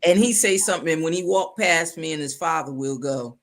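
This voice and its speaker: A woman's voice: sits low, fairly quick. A woman hosting a casual interview, eager and repeating words as she gets going. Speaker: interview host.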